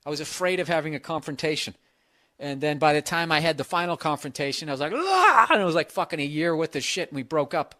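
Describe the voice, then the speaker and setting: A man's voice: a little high, steady tone, quick pace, a bit bright, no room sound, studio quality. A man hosting a podcast, giving blunt, profane, rambling advice in casual talk.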